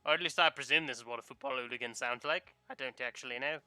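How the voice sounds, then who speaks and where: Bright, crisp-voiced man chatting. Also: mid-range voice, fast, no room sound, soft background music. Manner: playful, rambling storyteller. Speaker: streaming artist. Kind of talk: casual chat while drawing.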